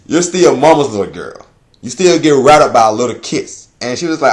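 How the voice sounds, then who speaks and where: Animated, profane man reviewing a manga chapter. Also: normal speed. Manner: profane, laughing, rambling, breaks into high-pitched excited exclamations.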